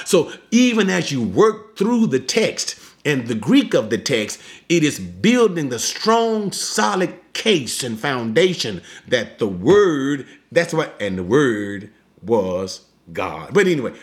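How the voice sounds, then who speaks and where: Man, preacher, teaching sermon, slow and deliberate, animated pitch, emphatic. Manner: emphatic, slows down to explain.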